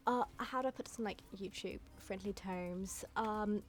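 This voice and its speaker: Young woman, casual commentary, blunt, chatty, mid-range pitch. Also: normal speed. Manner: candid, chatty, blunt, swears freely. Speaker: YouTube commentator.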